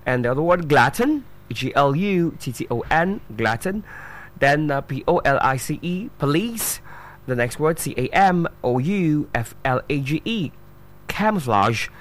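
Animated male pronunciation teacher. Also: a little high. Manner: spells out words letter by letter and repeats them slowly; instructive, checks in with "right?" and "okay?". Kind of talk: spoken pronunciation lesson.

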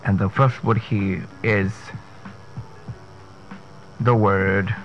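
A man's voice: lowish voice, steady tone, drawn-out words, soft background music. A man, a speech coach giving an emphatic pronunciation lesson, repeating and spelling out words. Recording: dull lo-fi sound with faint noise.

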